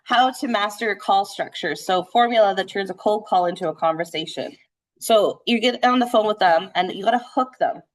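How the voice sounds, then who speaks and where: A woman real estate trainer leading a live sales training session, talking fast and animated, checking in with "right?" as she goes. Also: medium pitch. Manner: conversational, frequent "right?" checks.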